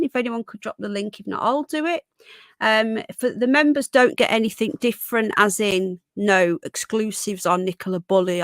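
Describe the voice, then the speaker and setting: A woman hosting a live stream whose voice is going croaky, chatting casually and rambling with fillers and restarts. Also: mid-range voice, a bit bright, no echo, studio quality.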